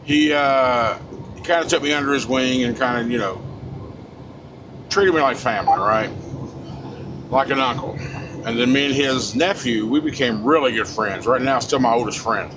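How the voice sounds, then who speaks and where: This casual ranting monologue comes from a male truck driver vlogger in his 40s, speaking from inside the cab over the noise of the moving truck. Blunt, profane and fired-up, he talks in a medium pitch at a moderate pace, pausing often.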